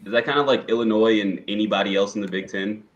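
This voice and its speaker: A man in casual comedic banter, measured and thinking out loud. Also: fairly low pitch, dull audio. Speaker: panelist.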